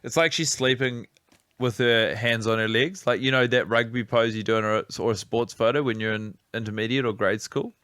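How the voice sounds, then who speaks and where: A man's voice: medium pitch, a little fast, fairly bright tone, no room sound. A man co-hosting a podcast, chatting playfully and rambling while watching a film. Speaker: podcast co-host. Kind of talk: casual chat over a film.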